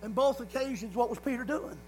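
A man's voice: very high voice, a little fast, slight background noise, low-quality recording. A man preaching a sermon, hammering points through repetition and punctuating them with frequent calls of "amen". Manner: repetitive emphatic phrasing, frequent "amen" call-outs.

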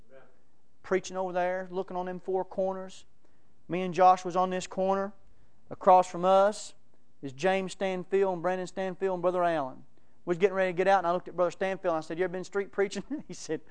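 A man with a high, smooth voice preaches a sermon, telling folksy stories and laughing in between them.

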